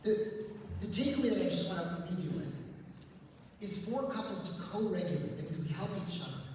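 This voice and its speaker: A man's voice: high voice, slight background noise. Man giving a talk in an echoey hall. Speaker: rabbi and speaker on couples. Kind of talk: conference talk with a story. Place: large event hall. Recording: echoey hall, distant mic.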